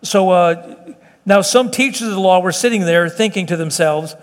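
In a church meeting room, a middle-aged pastor gives a sermon at normal speed in a high-pitched voice. His delivery is earnest and chatty, with many restarted sentences, and a long reverb tail hangs on the sound.

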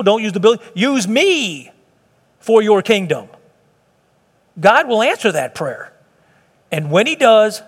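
A man with a high voice preaches a lively sermon as pastor, throwing himself into the lines he quotes. His voice carries a long reverb from a large church sanctuary. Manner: animated, acts out quotes, sings hymn lines.

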